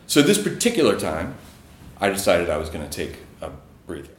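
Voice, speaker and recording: Male storyteller, casual and rambling delivery with fillers, low voice, roomy echo. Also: sing-song, fairly quick, slight background noise. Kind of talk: live storytelling.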